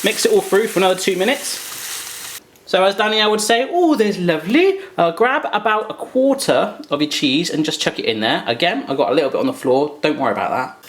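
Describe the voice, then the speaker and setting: A man's voice: on the high side, fast, a bit bright. A man hosting a casual cooking demo, joking around and making playful asides as he cooks. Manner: jokey and playful, with silly asides. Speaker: home cook and channel host. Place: home kitchen. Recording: echoey kitchen room.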